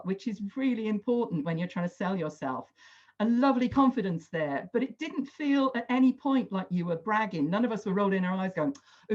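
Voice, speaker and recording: A woman's voice: medium pitch, a little mellow. A woman facilitating an online workshop on a video call, chatty and encouraging, with lots of "sort of" hedges. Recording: dull lo-fi video call audio.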